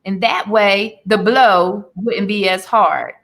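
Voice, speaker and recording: A woman's voice: mid-range voice, fairly even intonation, slow, a bit bright. A woman in her forties, an interview guest and author, giving an earnest, emotional personal testimony laced with faith.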